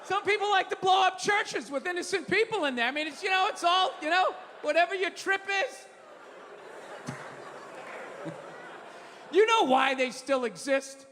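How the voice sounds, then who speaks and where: A middle-aged man doing a stand-up comedy rant, profane and exasperated, breaking into shouts. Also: very high-pitched, animated, a little slow, pauses often, some chatter behind, slight background noise. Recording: reverberant theater stage.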